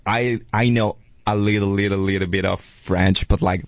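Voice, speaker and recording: Italian guy on the radio, kinda low voice, laughs a lot, dull dry sound. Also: fairly even intonation, normal speed, no echo. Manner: laughs often, repeats words while searching for English. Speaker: guest. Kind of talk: casual radio chat.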